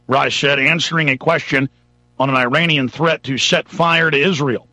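Husky-voiced ranting male radio host. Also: on the high side, fairly even intonation, moderate pace, bright, forceful tone, dry recording. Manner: emphatic, ranting. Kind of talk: talk radio monologue.

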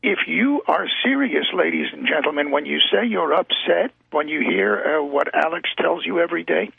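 A male guest calling into a talk radio show, speaking in a halting, storytelling way with frequent restarts. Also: a little high, lively intonation, gravelly, breathy edge, dry recording. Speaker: call-in guest. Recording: tinny phone line.

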